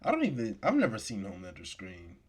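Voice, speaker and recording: A man co-hosting a podcast in casual chat, animated and slangy in his banter. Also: on the low side, fast. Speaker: podcast co-host.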